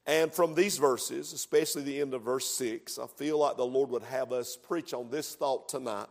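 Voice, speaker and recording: A man's voice: medium pitch, moderate pace, few pauses. Man, pastor, sermon, fervent emphatic delivery, church hall echo. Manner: preaching with rising fervor, builds to loud emphatic passages. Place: church sanctuary. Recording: long echoing reverb of a church hall.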